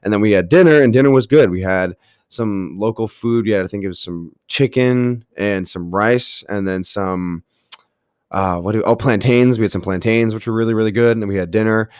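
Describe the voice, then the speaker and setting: A man's voice: fairly low pitch, normal speed, smooth, dry recording, clean studio sound. A young man hosting a podcast, telling a personal story in a rambling, casual way with many fillers. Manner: rambling, filler-heavy, animated retelling. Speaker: podcast host.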